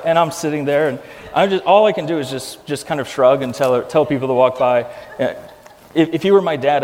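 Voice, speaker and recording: A man's voice: medium pitch, a little mellow. A man preaching a sermon as pastor, earnest and emphatic, often repeating key phrases for weight. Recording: long hall reverb.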